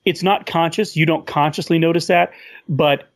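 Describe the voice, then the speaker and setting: Thoughtful man, fairly high voice, dry sound. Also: fairly even intonation, moderate pace, no echo. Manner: thoughtful, slightly hesitant, repeats words as he thinks. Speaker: podcast guest. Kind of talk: casual film podcast chat.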